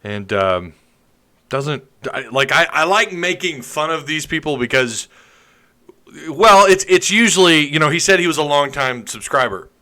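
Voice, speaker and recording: A man's voice: a little high, lively intonation, a little slow, bright, forceful tone. A man hosting a live stream, chatting casually, reading comments and joking sarcastically.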